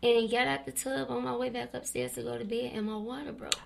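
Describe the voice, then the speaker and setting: A woman's voice: fairly high pitch, fairly quick, gravelly. A woman in her twenties, a guest on a talk show, giving a personal testimony and animatedly acting out what she and others said. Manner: animated storytelling, acting out her own past words.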